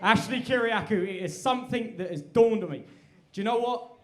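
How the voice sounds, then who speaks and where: A man's voice: high-pitched, a little fast. A man doing a self-deprecating, conversational stand-up set on a stage mic. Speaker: stand-up comedian. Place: live comedy venue. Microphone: handheld stage mic. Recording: echoey live venue.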